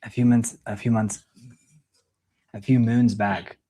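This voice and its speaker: Mira, read by a man as a hushed young woman. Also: medium pitch, level tone, measured pace, natural voice. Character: Mira, young woman of an underground world, secretive. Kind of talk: audition scene reading.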